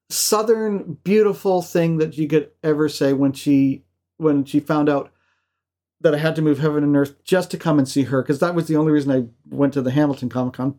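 Animated, laughing male podcast host. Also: a little high. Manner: animated storyteller, laughs often, restarts. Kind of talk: casual chat.

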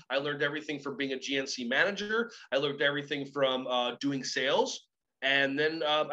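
Brief: energetic male keynote speaker, bright voice on a muffled recording, acting out scenes as he talks. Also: fairly high pitch. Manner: lively, acts out voices in his anecdotes. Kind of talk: animated storytelling chat.

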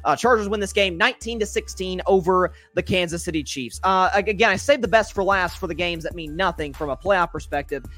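A man's voice: sits high, a little fast, few pauses, sharp tone, soft background music. A man hosting a solo sports podcast, rambling through his game picks with many fillers and self-corrections.

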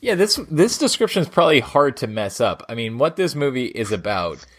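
A man's voice: mid-range voice, sing-song, fairly quick, fairly bright tone. Giggly, hesitant male co-host. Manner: laughs often, hesitant with ums. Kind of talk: casual chat about films.

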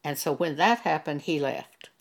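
A woman preaching a sermon in an earnest manner, reading scripture aloud in old-fashioned wording. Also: sits low. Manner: slow, earnest, reads scripture aloud in King James wording. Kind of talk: sermon monologue.

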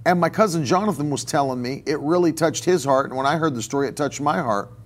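A man delivering a sermon as a pastor, with a voice pitched a little above the usual for men. He preaches conversationally, circling back and repeating phrases as he goes. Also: quick pace. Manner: conversational preaching with repetitions and restarts. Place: church.

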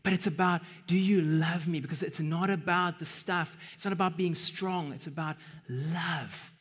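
A man's voice: fairly high pitch, normal speed, fairly bright tone, slightly rough. A man preaching an earnest sermon that builds to emphatic bursts, recorded with a long hall reverb.

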